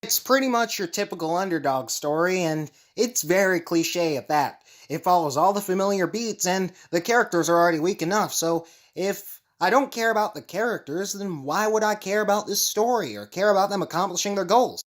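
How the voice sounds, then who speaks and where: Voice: mid-range voice, brisk, few pauses, natural voice. A performer voicing a dry, sarcastic male clay-animation figure who reviews movies. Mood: calm. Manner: deadpan, sarcastic.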